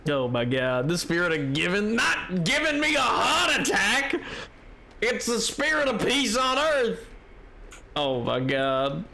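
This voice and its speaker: Animated man streamer with a cold. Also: high-pitched, takes it slowly, gravelly. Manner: animated, exasperated, joking with chat. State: has a cold. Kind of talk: live gameplay commentary.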